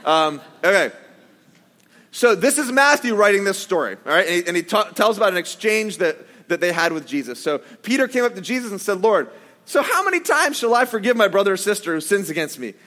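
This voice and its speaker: A man's voice: high voice, very animated, fairly quick, bright, forceful tone, long reverb tail. A man preaching a casual sermon, conversational, with joking asides and acted-out quotes. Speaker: pastor.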